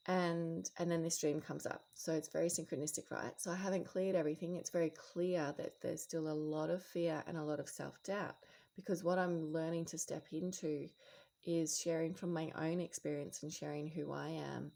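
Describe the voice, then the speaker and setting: A woman giving a casual late-night monologue as a spiritual vlogger, rambling and reflective with lots of fillers and restarts, sometimes dropping into soft whispered asides. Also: sits low, steady tone, normal speed, creaky.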